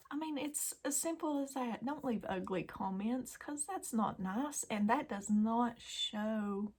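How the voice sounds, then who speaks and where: Gravelly, husky woman giving a devotional. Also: mid-range voice. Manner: earnest and emotional, often dropping to a soft whisper. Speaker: Christian YouTube devotional host. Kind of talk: daily devotional talk to viewers.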